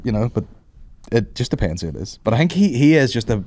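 A man chatting on a podcast in a rambling, halting way, as a fellow comedian. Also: mid-range voice, big pitch swings, a little mellow, dry recording. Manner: rambling, halting, full of restarts. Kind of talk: casual podcast chat.

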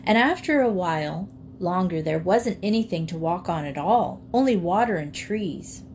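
A woman's voice: on the low side, moderate pace, slight background noise. Woman reading a children's book aloud. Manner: clear, expressive read-aloud. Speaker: audiobook reader. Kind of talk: storybook reading.

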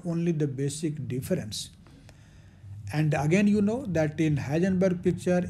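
A man's voice: fairly high pitch, dark tone, a little hiss or hum. Man with teaching physics. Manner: repeats key terms slowly, with fillers. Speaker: physics lecturer. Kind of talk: recorded lecture.

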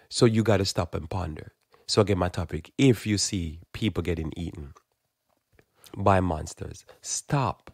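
Deep, gravelly-voiced male preacher. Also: no room sound, studio quality. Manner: conversational preaching with frequent restarts and repeated words; acts out quoted exchanges in a quick casual voice. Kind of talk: informal sermon.

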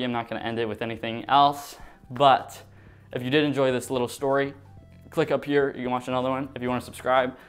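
A young man telling a storytime vlog in an animated, dramatic way. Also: medium pitch, smooth. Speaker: vlogger.

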